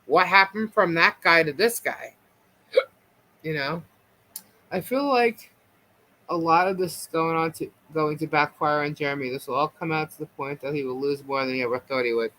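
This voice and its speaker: A man's voice: fairly high pitch, moderate pace, sharp tone, slight background noise, low-quality recording. A man hosting a casual live stream chat, rambling through his thoughts with lots of fillers. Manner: rambling, filler-heavy, chatty.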